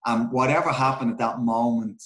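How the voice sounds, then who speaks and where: A man's voice: mid-range voice, steady tone, fairly quick, a bit bright. Candid Irish man telling football stories. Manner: candid, swears freely, many restarts and fillers. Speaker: guest, former footballer. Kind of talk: casual storytelling interview. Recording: roomy echo.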